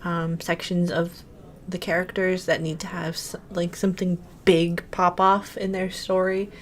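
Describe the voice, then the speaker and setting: A woman's voice: lowish voice, flat delivery, unhurried. A woman hosting a casual TV review chat, talking through the show in a conversational way with lots of affirming murmurs. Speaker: podcast host.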